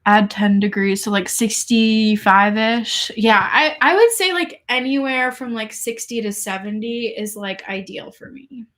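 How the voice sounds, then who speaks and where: A young woman from England, with no trace of an English accent, chats casually on a livestream as an online seller, laughing often and answering viewers' comments. Her voice is fairly high and fairly bright, animated and unhurried, with few pauses.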